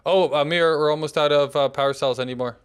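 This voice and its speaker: A man's voice: on the high side, steady tone, quick pace, clear, resonant tone. A man hosting a multiplayer gameplay session, chatting casually and thinking aloud as he sorts out game systems. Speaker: gameplay host.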